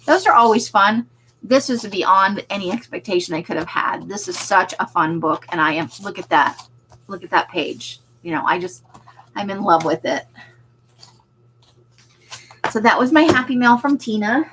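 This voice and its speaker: A woman's voice: medium pitch, normal speed, a bit bright, a little hiss or hum, poor audio. A woman who runs a craft shop, hosting a casual livestream and chatting with viewers. She is self-deprecating and laughs often.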